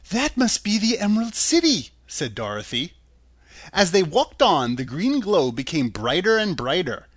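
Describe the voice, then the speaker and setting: A man reading a storybook aloud in a calm, steady narrating voice. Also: on the high side, no echo.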